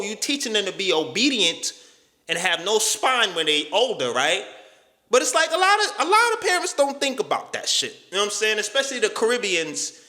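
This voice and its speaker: A man's voice: sits high, pushed and bright, echoey room. A man giving a casual motivational talk in street slang, emphatic and profane. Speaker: motivational YouTuber.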